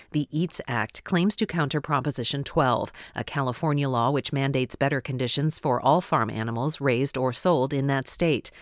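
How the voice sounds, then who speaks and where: A woman news reporter reading a scripted news segment in a measured, formal newsreader delivery. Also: low voice, dry recording, clean studio sound.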